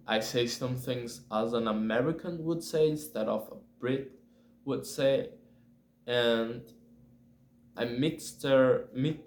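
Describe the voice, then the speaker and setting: A Brazilian man speaking English as a learner with a Brazilian Portuguese accent, talking casually to the camera and pausing often to find his words. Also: medium pitch. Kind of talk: casual self-recorded video. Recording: roomy echo.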